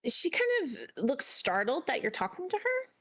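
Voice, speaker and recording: A woman's voice: sits high, huge pitch swings, normal speed, fairly bright tone. A woman running a tabletop horror game as game master, describing scenes with many ums and repeated words. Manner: descriptive, with frequent ums and repetitions.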